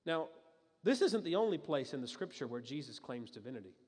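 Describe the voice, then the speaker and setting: A man's voice: medium pitch, sing-song, brisk, darkish tone, slightly rough. A man preaching a sermon as a pastor, talking in a conversational and emphatic way, with frequent restarts and asides. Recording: long reverb of a large hall.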